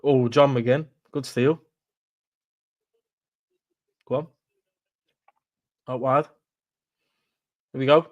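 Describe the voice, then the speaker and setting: A man chats on a live football watchalong stream. He rants bluntly, swears freely and laughs at his own points. His mid-pitched voice sounds dry and close to the mic. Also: steady tone, extremely slow, long pauses, no room sound. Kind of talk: casual live stream chat.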